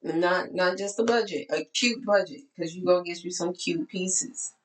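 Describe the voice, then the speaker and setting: A woman's voice: on the low side, steady tone, normal speed, echoey room, a little hiss or hum, low-quality recording. A woman life coach with a Texas accent, talking candidly to her followers in a tired voice that keeps cracking. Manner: candid, chatty, preachy asides. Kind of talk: casual talk to followers.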